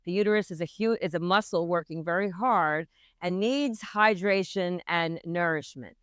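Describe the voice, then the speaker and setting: A woman from Philadelphia talks as a guest midwife, restarting sentences and filling pauses as she explains. Her voice is very smooth and crisp. The sound is close and dry. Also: on the low side, dry recording. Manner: hesitant, many restarts and fillers. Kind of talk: casual interview.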